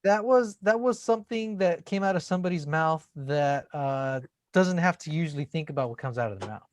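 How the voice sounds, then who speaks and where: A man's voice: fairly high pitch, fairly quick, no echo, studio quality. A man co-hosting a casual podcast, answering with short, wry remarks and laughing along. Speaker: podcast co-host. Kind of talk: casual chat. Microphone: remote call mic.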